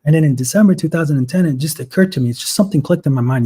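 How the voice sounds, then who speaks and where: A man with a somewhat high, husky voice and a warm, mellow tone. He talks earnestly and with feeling over a video call. This is a casual livestream chat. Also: very fast. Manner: earnest, emotional storytelling. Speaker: guest.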